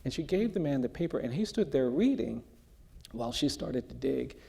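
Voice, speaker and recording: A man speaking as a guest in an onstage conversation, telling a story in a measured, earnest way before an audience in a large hall. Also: mid-range voice, sing-song, vocal fry, dark tone, breathy edge. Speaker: guest speaker, justice advocate. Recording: long hall reverb.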